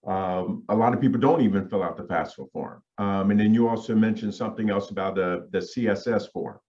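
A male podcast host with a deep-ish voice asks questions in a relaxed, halting manner. His audio comes through dull and lo-fi. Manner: casual, questioning, hesitant with fillers. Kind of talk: interview questions. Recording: dull lo-fi sound.

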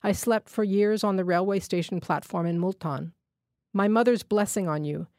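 A woman's voice: medium pitch, moderate pace, a little mellow, dry recording, studio quality, lightly acted. A woman reading the part of a dying male robber who begs weakly for forgiveness. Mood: pleading. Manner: begging, breathless and weak. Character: dying male thief, poor and pleading.

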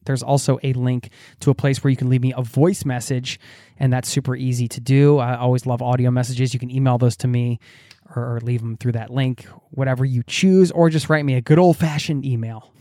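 A man's voice: medium pitch, steady tone, brisk, no echo, studio quality. A man hosting a podcast, reading out and answering listener mail in an earnest, chatty way, often restarting his words. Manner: earnest, warm-hearted, many restarts and repeated words. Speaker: podcast host.

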